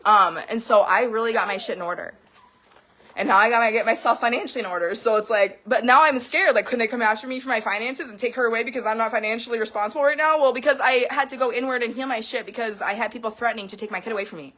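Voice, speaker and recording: A woman in her thirties pours out a heated personal rant to camera, talking at a rapid clip in a slightly high voice. She swears freely and swings between bursts of laughter and near tears. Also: pushed and bright. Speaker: vlogger.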